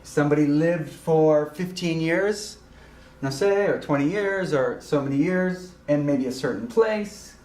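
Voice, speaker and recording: A man teaching a recorded grammar lesson, explaining slowly and deliberately with frequent ums and uhs. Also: a little high, darkish tone, reverberant. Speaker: Spanish teacher.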